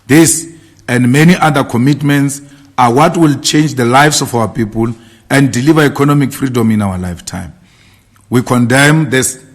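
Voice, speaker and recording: A man delivering a formal political statement in a declamatory, repetitive rallying cadence. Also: medium pitch. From South Africa. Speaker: party leader giving a statement.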